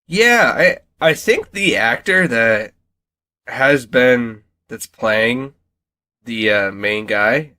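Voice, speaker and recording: A man's voice: medium pitch, expressive, very slow, pushed and bright. Rambling young man chatting casually. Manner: rambling, many fillers and restarts. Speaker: podcast co-host. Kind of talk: casual chat.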